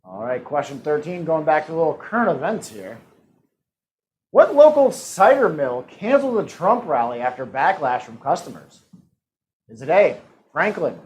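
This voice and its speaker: A man's voice: a little high, big pitch swings, moderate pace, low-quality recording. A man hosting a live-streamed trivia game, reading questions and answer options in a playful, teasing way. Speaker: trivia host.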